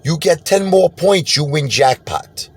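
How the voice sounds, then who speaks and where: A man voicing an eager casino man who speaks slow, broken English in a raised pitch. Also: lively intonation, gravelly, slightly rough, exaggerated voice. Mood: eager, coaxing.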